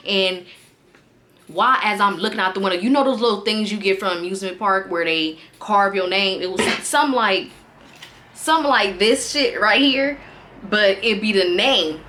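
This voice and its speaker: A young woman telling a profane, animated story in a casual vlog. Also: mid-range voice, measured pace. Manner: animated, profane, acts out quotes loudly. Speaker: storytime vlogger.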